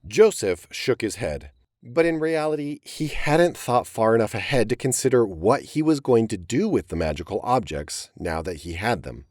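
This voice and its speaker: A man giving dramatic, expressive narration of a historical audiobook story. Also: mid-range voice, normal speed, no room sound, studio quality.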